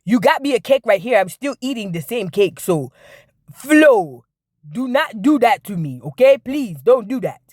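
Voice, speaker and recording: A woman voicing a middle-aged mother who slowly pleads with and scolds her daughter. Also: fairly high pitch, very animated, darkish tone, no echo, clean studio sound. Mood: pleading scold.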